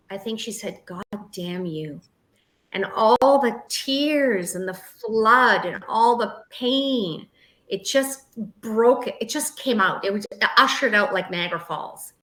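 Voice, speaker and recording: A woman guest mentor telling stories in an interview, acting out the quotes with lively pitch shifts. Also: a little slow, echoey room, low-quality recording. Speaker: guest, emotional healing mentor. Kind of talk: storytelling in a podcast interview.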